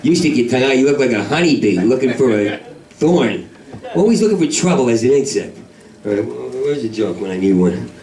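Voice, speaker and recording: A man doing a stand-up comedy set in a club, talking in a manic, rambling, profane way that breaks into shouted voices. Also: mid-range voice, animated, brisk, background noise. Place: comedy club main room. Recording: echoey club recording from far off with crowd. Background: audience laughter.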